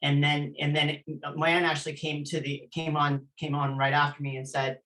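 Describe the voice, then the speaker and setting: A former elite athlete from Canada, interviewed as a guest, recounts her own story earnestly and intensely, restarting sentences frequently. Her voice sits low and has a fairly bright tone, with flat delivery at a normal speed. The recording is rough.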